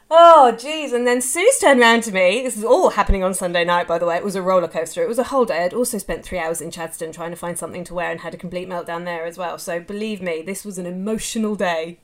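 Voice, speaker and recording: A woman with an Australian accent hosting a podcast in a casual solo monologue, speaking candidly, swearing freely and rambling in long run-on sentences, recorded live on a phone. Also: fairly low pitch. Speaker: podcast host. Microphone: phone, live on social media.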